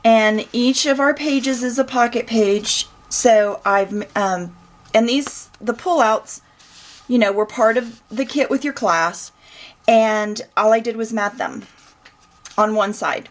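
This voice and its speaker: A woman's voice: on the high side, takes it slowly. A woman, chatting casually as she shows off a handmade scrapbook, folksy and searching for words as she goes. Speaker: crafter showing her scrapbook. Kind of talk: casual show-and-tell walkthrough.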